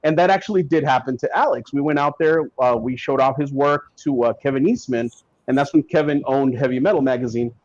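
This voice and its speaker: A man's voice: medium pitch, fairly quick, no room sound. Chatty man telling stories, dull audio. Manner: animated, acts out quotes from people in his stories. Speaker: guest comic writer. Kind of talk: casual podcast storytelling. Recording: dull lo-fi sound.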